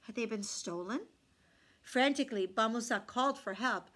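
A woman reading a folk tale aloud from a picture book, expressive, dropping to hushed asides about the illustrations. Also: on the high side, normal speed. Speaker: storyteller.

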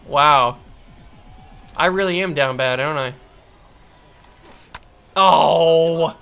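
In slow, animated gameplay commentary with many pauses, a gamer talks through a baseball video game. His voice is bright and a bit high; he mutters under his breath, then lets out frustrated outbursts.

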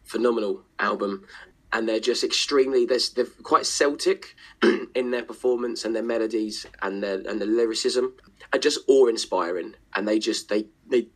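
A man's voice: fairly low pitch, normal speed. A man, chatting as a podcast guest and musician, talking enthusiastically in long rambling runs and swearing freely. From Essex, England. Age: 20s. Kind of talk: casual chat.

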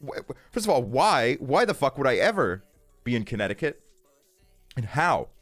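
A man's voice: medium pitch, sing-song, normal speed, a bit bright, dry recording, soft background music. A man streaming from his bedroom, chatting casually and ranting with constant swearing and fillers like "like". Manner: profane, ranting, lots of fillers.

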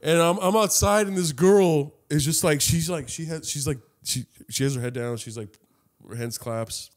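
A young adult man co-hosting a podcast, telling high school stories in a casual, animated way full of swearing. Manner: animated, swearing, quick asides. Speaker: podcast co-host. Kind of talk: casual comedic storytelling.

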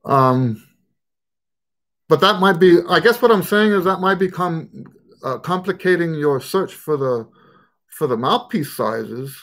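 A man's voice: fairly high pitch, expressive, unhurried, long pauses, a bit bright. A man hosting a live-stream trumpet question and answer session, thinking aloud in a casual way with fillers and restarts.

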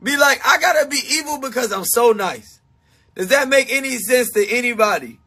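Man, livestreamer, high-pitched, breathy and husky, self-mocking, shouting then hushed. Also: animated, moderate pace. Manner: swings between shouting and hushed talk, heavy cursing. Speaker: livestreamer talking to his supporters. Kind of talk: emotional livestream monologue.

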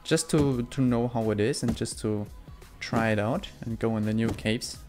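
A man's voice: medium pitch, moderate pace, soft background music. Chatty young-sounding man narrating gameplay. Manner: excitable, swears a lot when fighting; calm, chatty explaining. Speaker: gameplay commentator. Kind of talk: casual gameplay commentary. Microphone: desk mic close up.

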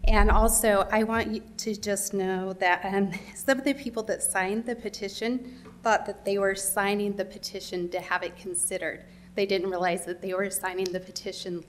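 A woman speaks at a city council podium during public comment, earnest and conversational. Her pitch stays flat and even. A faint murmur of the room sits behind her voice. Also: normal speed, a little hiss or hum.

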